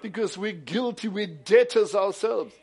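A male preacher, moving between hushed retelling of a story and loud, emphatic preaching. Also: high-pitched, unhurried. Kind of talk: sermon with storytelling.

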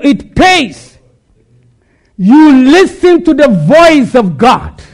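A man preaching a sermon, asking rhetorical questions and answering them, sometimes shouting. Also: very high-pitched.

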